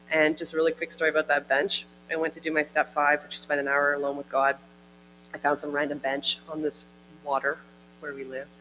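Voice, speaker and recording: A woman's voice: low-pitched, fairly bright tone. A woman giving a heartfelt personal testimony at a church service, chatty and full of "like" and "I remember". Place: church hall. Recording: hall reverb with faint mains hum.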